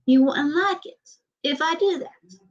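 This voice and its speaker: A woman's voice: high-pitched, a little slow, dull audio. A woman with a light Southern US accent, chatting casually and bluntly in a rambling vlog. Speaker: vlogger. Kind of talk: casual chat.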